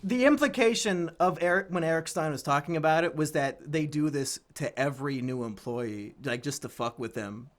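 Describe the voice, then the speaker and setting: A man chatting casually with a friend while they play a video game, an animated storyteller who bursts into shouted impressions and laughter. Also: a little high, normal speed, few pauses. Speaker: let's play co-host.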